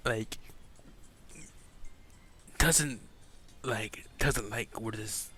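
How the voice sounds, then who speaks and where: A man's voice: lowish voice, extremely slow, sharp tone, slightly rough, soft background music. A man telling an improvised fan story in a casual, rambling way, stumbling and correcting himself.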